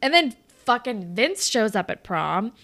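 A woman's voice: on the high side, big pitch swings, a little slow, fairly bright tone. A woman in casual chat, animatedly recapping a TV episode, swearing often and acting out the characters' lines. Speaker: podcast co-host recapping a TV episode.

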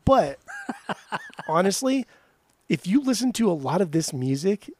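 Man, casual co-host, profane, very animated pitch, slightly high voice. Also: unhurried. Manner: animated, profane, laughing often. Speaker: podcast co-host. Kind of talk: casual chat.

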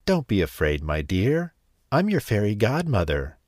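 A man voicing a kind old fairy godmother in a storybook, talking in a gentle, reassuring way. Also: lowish voice, huge pitch swings, a little slow, no echo, studio quality, heavily acted. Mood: kindly.

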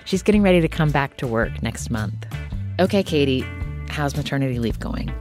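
A woman hosting a podcast, who asks questions and reads measured narration. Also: very deep voice, expressive, over music. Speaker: podcast host. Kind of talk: interviewing and scripted narration.

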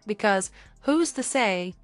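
A woman's voice: medium pitch, takes it slowly, no room sound, faint music behind. A young woman co-hosting a podcast, chatting casually and giving dating advice, acting out little scenes as she talks. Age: young adult. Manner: animated, acts out little scenes with quoted voices. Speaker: podcast co-host.

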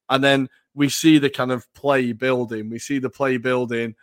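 A man co-hosting a football podcast, telling stories in an animated, enthusiastic way. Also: mid-range voice, brisk, few pauses. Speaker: podcast co-host. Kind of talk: casual chat.

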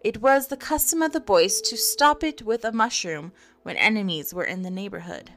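A woman's voice: medium pitch, normal speed, a bit bright. Woman reading a storybook aloud. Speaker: narrator.

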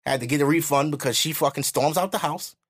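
A man from New hosting a podcast, telling a story in animated, profane casual chat. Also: fairly high pitch, fast talker. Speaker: podcast host.

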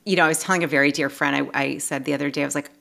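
A woman's voice: low-pitched, racing, vocal fry. A woman life coach talking casually as a podcast guest, earnest and heartfelt, with lots of restarts and asides. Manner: animated, with many restarts and asides.

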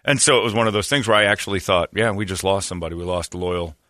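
A man's voice: deep voice, very fast, pushed and bright, dry recording, studio quality. A man hosting a radio show, telling self-deprecating stories and acting out the people he quotes. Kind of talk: casual storytelling on morning radio.

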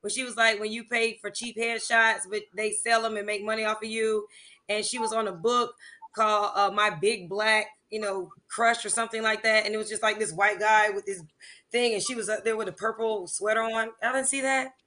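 A woman, a music teacher and songwriter, chatting in an interview and telling animated stories with laughter. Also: medium pitch, a little fast. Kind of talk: casual interview chat.

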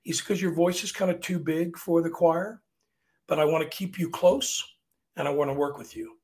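A man from Virginia, an opera singer, chatting in an interview and telling stories in an animated way, often restarting his sentences. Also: fairly high pitch, moderate pace. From Virginia, USA. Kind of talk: casual interview storytelling.

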